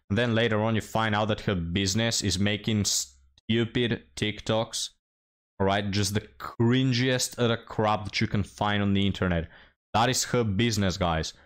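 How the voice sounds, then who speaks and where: A man's voice: on the low side, steady tone, normal speed. A man hosting a reaction commentary, blunt and mocking as he talks to his viewers. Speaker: commentary host.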